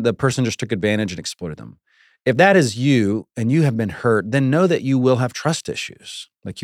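A man's voice: fairly low pitch, no room sound, clean studio sound. A man hosting a faith podcast, teaching in an earnest, conversational way with the odd laugh. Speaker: podcast host and Bible teacher. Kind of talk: casual teaching talk.

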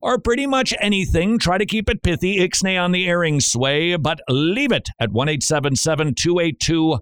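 A man's voice: sits high, normal speed, fairly bright tone, clean tone, no echo, studio quality. A man hosting a radio talk show in a casual, joking way, laughing often and stammering on repeated words.

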